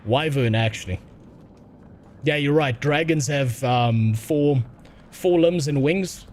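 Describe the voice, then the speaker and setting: A man's voice: medium pitch, slow pace, darkish tone, slight background noise. A man doing crude, joking casual gameplay commentary as a streamer.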